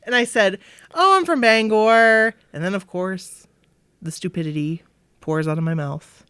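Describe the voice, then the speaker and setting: A rather high-voiced woman tells a long story in casual podcast chat, jumping into bright, lively voices for everyone she quotes. She comes from Maine, and her voice sits close and dry with no room around it. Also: moderate pace, clean tone, dry recording. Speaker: podcast co-host.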